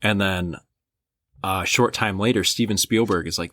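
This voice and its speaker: A man's voice: sits low, normal speed, a bit bright, no echo. A young man from Michigan co-hosting a podcast, telling rambling stories with enthusiasm in casual chat. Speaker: podcast co-host. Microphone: podcast microphone.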